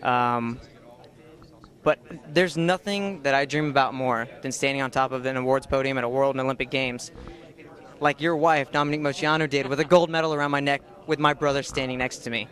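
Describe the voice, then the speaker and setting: A man's voice: medium pitch, fairly even intonation, a little fast, fairly bright tone. A man, an athlete, speaking confidently and emphatically in an interview. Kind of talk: post-competition interview.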